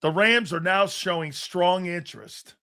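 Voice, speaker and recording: An excitable man hosts a live sports talk show in a high, bright, cutting voice. Loud and profane, he tells stories in rapid bursts full of restarts and breaks into shouts whenever something excites him.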